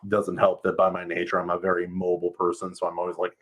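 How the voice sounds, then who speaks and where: A man's voice: sits low, monotone, fast. A man reading a novel aloud on a live stream and chatting casually with viewers, laughing often.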